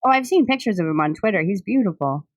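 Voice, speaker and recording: A woman's voice: medium pitch, lively intonation, quick pace, no room sound. A young woman hosting a podcast, chatting casually with many fillers and frequent laughs. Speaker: podcast host. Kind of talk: casual chat.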